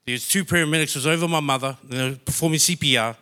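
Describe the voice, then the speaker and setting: Bright higher-voiced guy from new zealand, emotional church testimony. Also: quick pace. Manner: heartfelt, emotional storytelling. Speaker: church member sharing testimony. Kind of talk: personal testimony.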